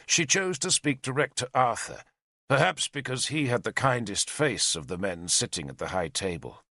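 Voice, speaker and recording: A man's voice: mid-range voice, sing-song, moderate pace, a bit bright, dry recording, clean studio sound. A man narrating an audiobook expressively, voicing every character. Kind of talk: scripted narration.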